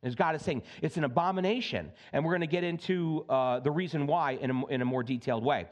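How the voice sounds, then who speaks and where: A male pastor preaching a sermon in an animated way, slipping in joking asides. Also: on the high side, fast, dull audio.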